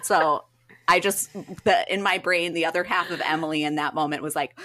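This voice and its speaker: A woman co-hosting a podcast in casual chat, telling an animated story with frequent laughter. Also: deep voice, normal speed, no echo. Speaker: podcast co-host.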